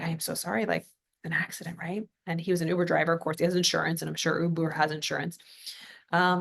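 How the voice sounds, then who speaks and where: A podcast host from California tells a story in a chatty, motivational style packed with fillers and asides. Her voice is on the low side, with vocal fry.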